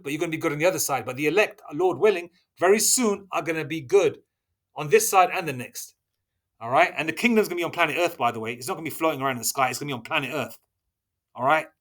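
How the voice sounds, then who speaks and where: A man preaching and reading scripture aloud, constantly checking in with his listeners and stressing points with sudden loud bursts. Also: fairly high pitch. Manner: checks in with listeners constantly, asking "okay?" and "all right?". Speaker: religious teacher.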